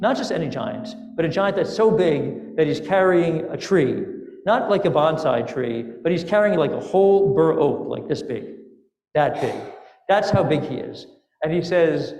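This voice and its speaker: A male rabbi telling a fable in his sermon, in a casual, animated way. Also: on the high side, normal speed. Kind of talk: storytelling sermon. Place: synagogue sanctuary. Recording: echoey sanctuary with long reverb.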